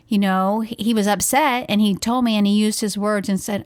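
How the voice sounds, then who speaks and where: A woman's voice: mid-range voice, fairly even intonation, a little fast, few pauses, no echo. Earnest woman recounting a family story. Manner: earnest, detailed retelling with soft quoted dialogue. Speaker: podcast co-host and parent. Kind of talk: casual storytelling chat.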